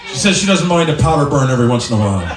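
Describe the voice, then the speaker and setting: A man's voice: mid-range voice, expressive, rapid-fire, distant mic. A man performing in a bar, teasing the crowd with jokes between songs. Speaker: bar singer and guitarist. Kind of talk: live stage banter between songs. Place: bar, indoors. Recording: echoey bar taped from afar, guitar.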